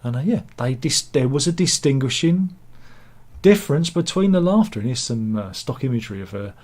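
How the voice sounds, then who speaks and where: A man's voice: mid-range voice, animated, fairly quick, a little mellow. A man giving casual satirical news commentary, full of wry self-mocking asides and mock-dramatic quips. He talks over pictures he shows. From England.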